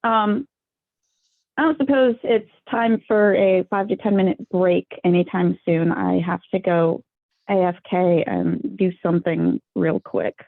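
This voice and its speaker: A woman playing a tabletop game over a call, speaking hesitantly with frequent pauses. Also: on the low side, steady tone, vocal fry, no room sound. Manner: hesitant, with many ums. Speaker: player. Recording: thin phone-like call audio.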